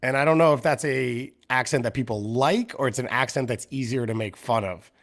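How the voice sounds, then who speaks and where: A man's voice: medium pitch, brisk, a bit bright. A young man hosts a loose live-streamed chat. He rambles from one thing to the next and pokes fun at himself as he goes. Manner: rambling, self-mocking. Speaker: podcast host.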